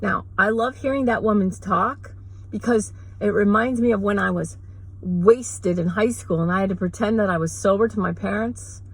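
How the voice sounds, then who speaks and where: A woman vlogger ranting sarcastically in a rambling, mocking way, with quick asides. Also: medium pitch, slightly rough, rough recording. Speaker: mother. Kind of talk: sarcastic comedic rant.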